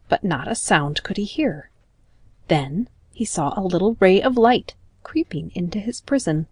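A woman reads a children's storybook aloud in a gentle, expressive way. Her voice is on the low side for a woman. The recording is dry and close. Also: dry recording. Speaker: narrator. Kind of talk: storybook narration.

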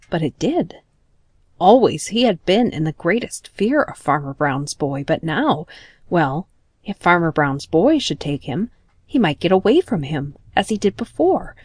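A woman narrating a children's storybook in a gentle, expressive manner. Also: on the low side, husky, no echo.

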